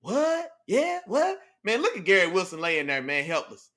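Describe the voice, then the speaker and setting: A man hosting a casual sports talk show, animated and slangy, reacting to his live chat and breaking down plays. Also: sits high, normal speed. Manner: animated, slangy, repeats "you know what I'm saying". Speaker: podcast host.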